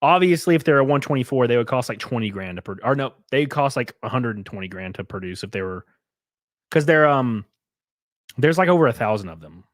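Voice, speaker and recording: A man's voice: mid-range voice, expressive, a little fast, dry recording, studio quality. Casual swearing male streamer. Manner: loose, swearing, talking to chat while setting up. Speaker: host. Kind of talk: casual livestream chat.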